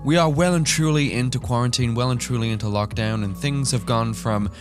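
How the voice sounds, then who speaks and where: A man's voice: mid-range voice, fairly quick, music in the background. A man hosting a reaction vlog, ranting animatedly and swearing. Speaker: YouTuber.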